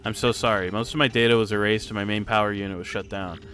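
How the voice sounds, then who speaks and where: A man's voice: fairly low pitch, fairly even intonation, fast, fairly bright tone, soft background music, natural voice. Man reading as a polite fortress computer. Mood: earnest.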